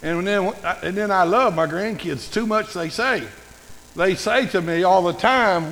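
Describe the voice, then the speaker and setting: An older male pastor with a high-pitched, gravelly voice and a fairly bright tone preaches a sermon at an unhurried pace. He tells folksy, humorous stories and animates them, his voice echoing with long reverb through a big hall.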